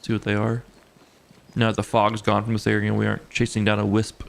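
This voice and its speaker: A man giving relaxed, casual commentary while livestreaming a game, thinking aloud and laughing easily. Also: fairly low pitch, fast, vocal fry. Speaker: gaming streamer. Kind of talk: casual live gameplay commentary.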